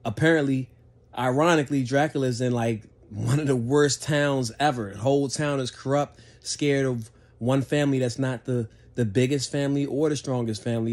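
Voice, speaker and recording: A man's voice: medium pitch, darkish tone. A man giving a casual spoken movie review, laid-back and profane, rambling with frequent restarts.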